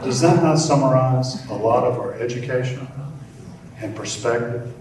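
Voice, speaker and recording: An older man giving a heartfelt acceptance speech with gentle, storytelling humor, at a podium in a large event hall. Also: medium pitch, normal speed, a crowd in the background. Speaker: award honoree. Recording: echoey hall from far off.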